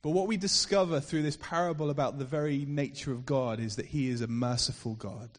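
A man preaching a sermon, retelling a parable with expressive storytelling that swells to loud emphasis. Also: mid-range voice, fairly quick. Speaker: pastor. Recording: reverberant hall.

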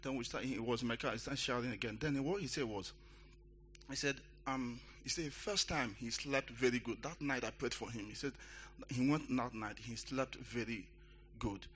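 A man giving a testimony in church, telling his story in a halting, repetitive way with many restarts. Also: mid-range voice, fairly bright tone, slight background noise.

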